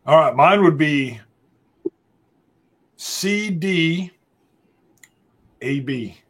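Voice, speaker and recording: A man chatting casually at a tasting, telling a lively story and acting out other people's voices. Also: a little high, extremely slow, slight background noise. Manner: animated storyteller, acts out quoted voices. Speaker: tasting panelist. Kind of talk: casual chat.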